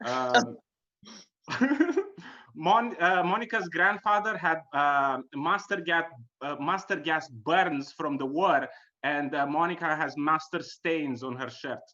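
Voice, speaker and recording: A man, a comedian, delivering roast jokes in a hesitant way, full of pauses and fillers. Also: on the high side, lively intonation, sharp tone, muffled recording. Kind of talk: live online roast jokes.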